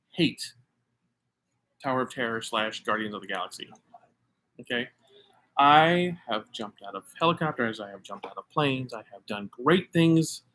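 A middle-aged man from the United States co-hosts a casual podcast, spinning a story with emphatic, self-mocking flair. His voice sits at an ordinary middle pitch for a man. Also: pushed and bright. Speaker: podcast co-host. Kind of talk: casual chat.

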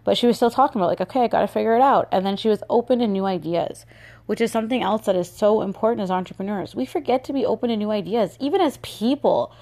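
A woman's voice: medium pitch, quick pace, dark tone. A woman hosting a solo motivational podcast, chatty and upbeat with lots of filler words. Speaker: podcast host.

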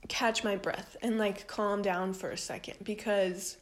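A young woman tells a long story in a loose, rambling way, dropping "like" into almost every phrase and swearing freely. Her voice sits at a middling pitch. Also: fairly even intonation, a little slow. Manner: rambling, heavy use of "like", frequent swearing. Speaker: vlogger. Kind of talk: casual storytelling.

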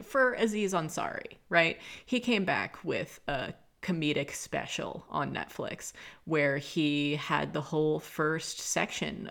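A woman's voice: low-pitched, creaky, fairly bright tone. A young woman hosting a casual solo podcast, chatty and swearing often as she talks things through. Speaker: podcast host.

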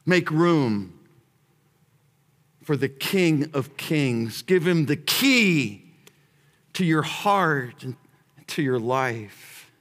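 A slow, deliberate male pastor with a fairly high voice, preaching in a space with a long echo. He drops to a hush for prayer and rises to shouts for emphasis, repeating words as he builds his point. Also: lively intonation. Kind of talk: sermon. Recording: long hall reverb.

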